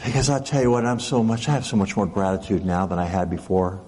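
A man's voice: low voice, fast talker, darkish tone. A man preaching a sermon as pastor, speaking conversationally and often checking in with "right?". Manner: conversational, rhetorical questions, often adds "right?". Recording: long hall reverb.

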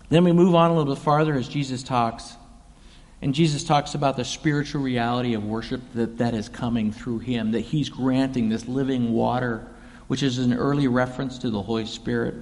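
A man preaching a sermon in a relaxed, conversational way, retelling scripture in casual everyday words. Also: mid-range voice, big-room sound. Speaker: pastor.

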